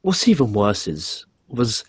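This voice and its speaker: A man's voice: on the low side, sing-song, unhurried, slightly rough, no echo. A man giving a blunt, profane, ranting wrestling show review in casual podcast talk, often stumbling into restarts.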